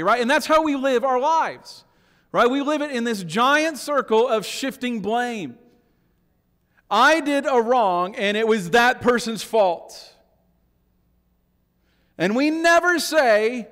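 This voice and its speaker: A middle-aged man preaching a sermon as a pastor, moving between hushed, intimate lines and emphatic, raised declarations, often checking in with the congregation. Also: extremely high pitch, lively intonation, a little slow. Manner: swings between hushed asides and emphatic raised lines, keeps asking "right?". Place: church sanctuary. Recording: long church reverb.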